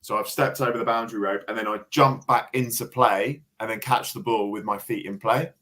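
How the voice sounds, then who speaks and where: A young man co-hosting a casual watch party, explaining the rules patiently and getting excited at big plays. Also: fairly low pitch, a little fast. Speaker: cricket expert co-host.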